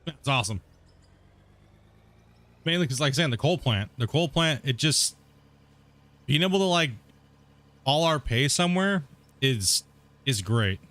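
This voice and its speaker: Chatty gamer dude. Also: male voice, mid-range voice, lively intonation, a little slow, pauses often, fairly bright tone. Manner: chatty, rambling, laughs often, says "dude". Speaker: gaming streamer. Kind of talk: casual let's-play commentary.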